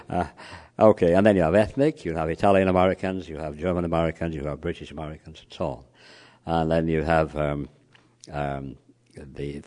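A man's voice: low voice, darkish tone. A man lecturing a live audience on cross-cultural communication, telling anecdotes, peppering his talk with "you know" and quizzing the room. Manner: frequent "you know" fillers.

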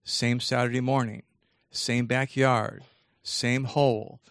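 Creaky-voiced man lecturing. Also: medium pitch, slow, dry recording, clean studio sound. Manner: animated, repetitive, addresses the audience. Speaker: teacher giving a talk on feelings. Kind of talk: lecture with storytelling. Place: live talk with an audience.

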